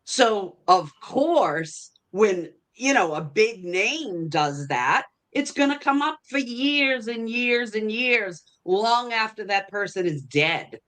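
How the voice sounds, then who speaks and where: A woman co-hosting a podcast, adding slow, reflective comments. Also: medium pitch, expressive, fairly bright tone. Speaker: podcast co-host. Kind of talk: casual chat.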